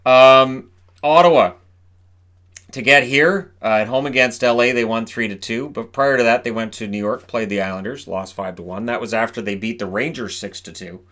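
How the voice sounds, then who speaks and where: A man talks through a hockey preview by himself. He rattles off records and scorelines at a steady clip and breaks in with casual, offhand asides. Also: mid-range voice. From Canada. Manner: chatty, rapid stats rundown with asides. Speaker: hockey commentator. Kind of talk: solo game preview talk.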